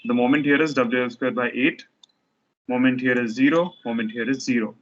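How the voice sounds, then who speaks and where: A man's voice: medium pitch, fairly even intonation, brisk, lo-fi sound, a little hiss or hum. A man teaching a structures lecture, explaining step by step while he sketches diagrams, often restarting his sentences.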